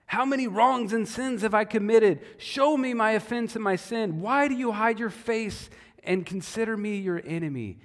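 A man's voice: high-pitched, moderate pace, pitched above the performer's own voice. A man voicing an anguished man pleading and arguing with God in a sermon. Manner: pleading, exasperated. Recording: long hall reverb.

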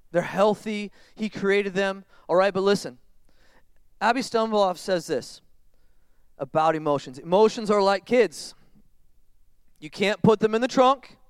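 A man, a pastor in his thirties, preaching a sermon in a conversational, animated way that swings from quiet reflection to loud emphatic bursts. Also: sits high, clear, resonant tone, no echo. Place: church sanctuary.

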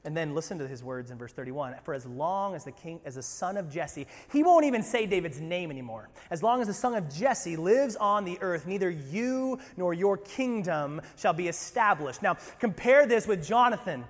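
A pastor preaching a sermon, animated and conversational, with humorous asides. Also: male voice, high voice, moderate pace, few pauses, in a large hall.

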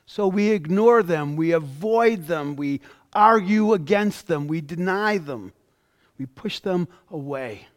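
A man's voice: sits high, lively intonation, slow pace. A male pastor preaching a sermon, reading scripture aloud and stressing the quoted words. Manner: reads scripture aloud, with emphatic rises on quoted lines.

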